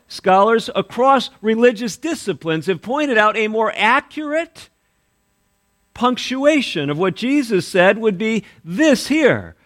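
A man preaching a sermon, quoting scripture aloud and swinging between emphatic rises and quiet drops. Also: high voice. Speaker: pastor.

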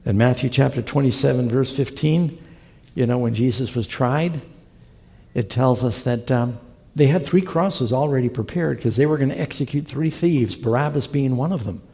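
A man of medium pitch with a gravelly, warm voice delivers a sermon at normal speed, spinning folksy stories and voicing the people in them. His speech echoes with the long reverb of a big hall.

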